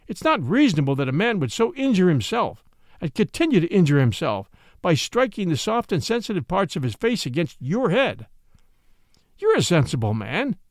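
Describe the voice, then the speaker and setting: Here is a blustering judge who roars and snarls at the witness, played by a man reading the story. His scolding pitch leaps high and drops low. The sound is dry and close. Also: huge pitch swings, normal speed, no room sound. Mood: snarling. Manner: roaring, fierce and scolding. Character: blustering, bullying male small-town judge.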